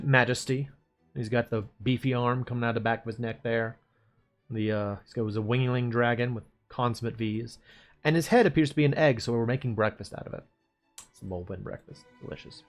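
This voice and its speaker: A man streaming as he draws, chatting in a rambling, laid-back way and chuckling to himself. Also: mid-range voice. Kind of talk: casual chat while drawing.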